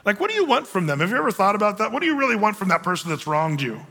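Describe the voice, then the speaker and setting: Racing along in a high-pitched voice with vocal fry, a pastor delivers a conversational, animated sermon, giving voice to the people he quotes. The recording has the long reverb of a spacious hall.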